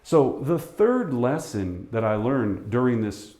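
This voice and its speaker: Brief: middle-aged male sales coach, animated storyteller, mellow tone, roomy echo. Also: mid-range voice, slow pace. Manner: animated, acts out the voices in his story. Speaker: real estate coach. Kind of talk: storytelling to camera. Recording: echoey room.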